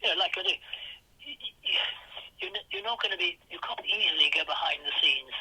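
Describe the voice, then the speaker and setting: An older man speaks in a posh English accent, wandering through anecdotes and restarting his sentences as he goes. His voice is very bright and sharp, with a husky, breathy edge. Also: sits high, brisk, low-quality recording. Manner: rambling anecdotal storytelling with many restarts. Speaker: guest. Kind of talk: casual podcast interview.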